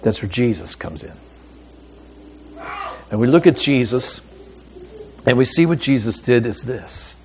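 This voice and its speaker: A man's voice: medium pitch, very animated, a little hiss or hum. Emphatic male pastor preaching. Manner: deliberate, emphatic delivery with pauses. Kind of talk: sermon.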